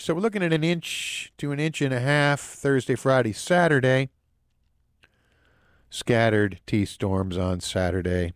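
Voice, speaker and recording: A man delivers local news, sponsor reads and the weather in a casual, lively host manner, tossing in wry, jokey asides. His voice sits at an ordinary middle pitch, recorded close and dry with no room sound. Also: smooth, no echo.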